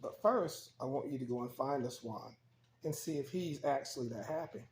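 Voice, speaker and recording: A man voicing a calm, kindly male monk in a spoken story, gentle and reassuring. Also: medium pitch, normal speed, reverberant, a little hiss or hum, natural voice.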